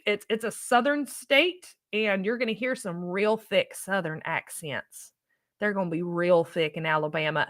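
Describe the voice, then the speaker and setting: A woman's voice: mid-range voice, sharp tone. A woman who coordinates an ESL program, answering viewer questions in a casual, chatty, upbeat way and repeating phrases for emphasis. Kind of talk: casual live Q&A chat.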